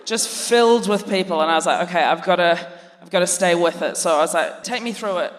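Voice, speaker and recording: A woman's voice: fairly low pitch, fairly quick. A woman, a comedian co-hosting, telling a dry, self-mocking story on stage and acting out family voices. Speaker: comedian co-host. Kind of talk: live stand-up storytelling. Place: large theatre stage before a laughing audience. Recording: long hall reverb, audience noise.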